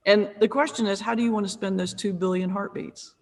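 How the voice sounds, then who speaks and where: Woman in her fifties, pastor and comedian, tells lively funny stories on a video call with a long room echo. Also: medium pitch, a little fast. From North Carolina, USA. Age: 50s. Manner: humorous, lively, self-deprecating. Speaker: pastor and comedian, interview guest. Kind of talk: conversational storytelling.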